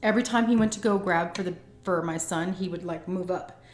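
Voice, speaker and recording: A woman's voice: lowish voice, brisk. A woman vlogger telling a story to camera in a chatty, dramatic way, acting out what people said. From Texas. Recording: roomy echo.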